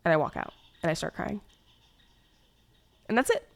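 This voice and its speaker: A woman's voice: fairly low pitch, animated, moderate pace, vocal fry. A young woman streamer chatting casually, telling a hurt story in a rambling way, with many fillers and restarts.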